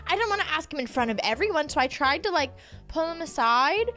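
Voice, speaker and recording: A woman teacher telling an animated story from her classroom in casual chat, acting out the quotes. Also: high-pitched, quick pace, soft background music.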